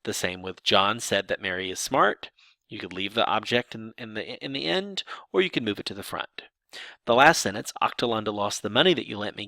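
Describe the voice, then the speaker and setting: A man's voice: on the low side, vocal fry, dry recording. A man teaching sign language grammar, explaining examples step by step with some restarts. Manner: lively explanatory delivery with restarts.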